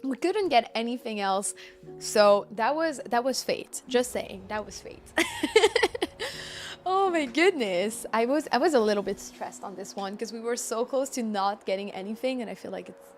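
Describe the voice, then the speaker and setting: Chatty French woman streamer, bright pitch. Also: expressive, normal speed, soft background music. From France. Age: young adult. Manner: chatty, reads chat aloud, laughs often. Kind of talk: casual live-stream chat.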